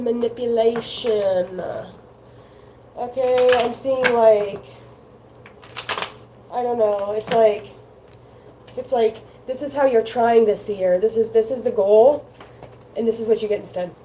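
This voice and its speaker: A woman's voice: a little high, dark tone, slight background noise, low-quality recording. A woman doing a casual tarot reading, rambling and chatty, with lots of filler words. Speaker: tarot card reader.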